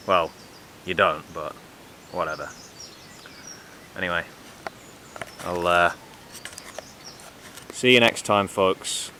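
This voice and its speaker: A man giving sarcastic, deadpan commentary in a vlog with dry, mocking asides. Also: fairly low pitch, slight background noise. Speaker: vlogger.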